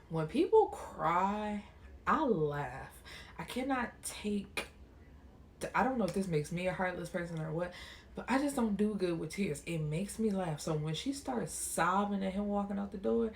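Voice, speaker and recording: A woman's voice: mid-range voice, a little hiss or hum. A young woman casually recapping and reviewing a TV episode in a slangy, chatty way, acting out the characters' lines as she goes.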